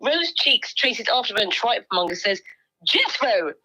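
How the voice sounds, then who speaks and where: A woman's voice: on the high side, sing-song, a little slow, sharp tone, husky, low-quality recording. A woman co-hosting a casual livestream, reading out viewer comments in a playful, giggly way with lots of ums.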